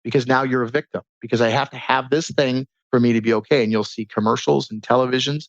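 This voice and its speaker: Man coaching with lively stories, lo-fi. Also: mid-range voice, quick pace, dry recording. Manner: animated, teaching with stories and rhetorical questions. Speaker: podcast guest, transformation coach. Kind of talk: casual conversational interview. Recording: dull lo-fi sound.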